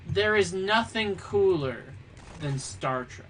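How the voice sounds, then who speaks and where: A man chatting casually with friends on a stream, rambling and halting, teasing and joking. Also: high-pitched, expressive, a bit bright, a little hiss or hum, poor audio. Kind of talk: casual chat among friends.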